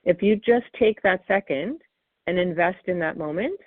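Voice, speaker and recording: A woman parenting expert answering interview questions, animated and acting out what parents and children say. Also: lowish voice, moderate pace, no room sound. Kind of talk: interview answers, explaining technique. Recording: phone-like dry call audio.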